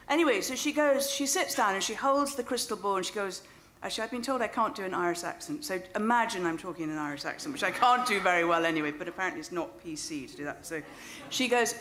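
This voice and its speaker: A woman's voice: medium pitch, lively intonation, fast talker, fairly bright tone. A middle-aged woman with a British English accent, telling a self-deprecating anecdote live on stage into a microphone. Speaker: novelist. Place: stage of a small club venue.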